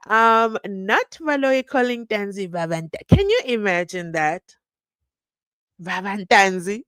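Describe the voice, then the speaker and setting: A woman hosting a true crime channel, chatting casually and reading out viewer comments, animated and teasing, laughing often. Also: medium pitch, measured pace, smooth, dry recording. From South Africa.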